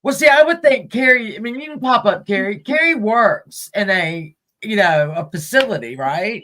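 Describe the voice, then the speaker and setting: Chatty high-voiced man hosting a stream. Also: expressive, moderate pace, few pauses, bright, forceful tone. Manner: chatty, greets viewers mid-sentence, laughs easily. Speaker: live stream host. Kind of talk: casual live chat with viewers.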